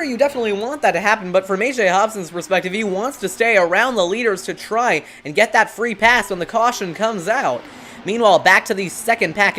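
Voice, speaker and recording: This is a lead commentator on an online sim racing broadcast who calls the race play-by-play. The delivery is brisk and steady, reeling off driver names, positions and corners, and the pitch sits in a middling range. It sounds like a headset mic on a remote call. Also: a little hiss or hum.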